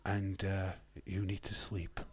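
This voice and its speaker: A man doing a hushed, soothing whispered role-play voice, telling a listener to go to sleep. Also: low-pitched, completely flat delivery, takes it slowly, breathy edge, exaggerated voice.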